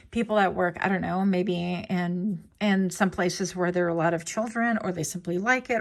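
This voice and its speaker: Chatty woman giving a tarot reading. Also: medium pitch. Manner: chatty, digressive, playful asides. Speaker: tarot reader. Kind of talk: casual pick-a-card tarot reading.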